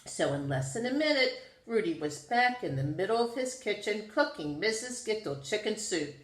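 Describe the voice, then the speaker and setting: A woman reading a children's storybook aloud in an expressive, sing-song storytelling manner. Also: mid-range voice, moderate pace. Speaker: storybook reader. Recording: roomy echo.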